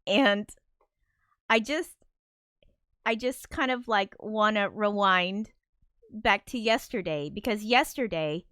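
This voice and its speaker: Flustered woman rambling on stream, smooth voice. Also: medium pitch, slow, long pauses, fairly bright tone, no room sound, clean studio sound. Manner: rambling, self-deprecating, swears a lot, laughs nervously. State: flustered and anxious. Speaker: streamer and composer. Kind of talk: casual livestream chat.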